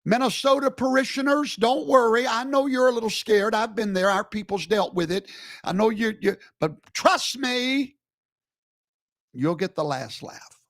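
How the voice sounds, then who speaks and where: A man's voice: extremely high pitch, normal speed, a bit bright, no echo, studio quality. A man giving a live streamed commentary in an emphatic, preacherly way, scolding with rhetorical questions.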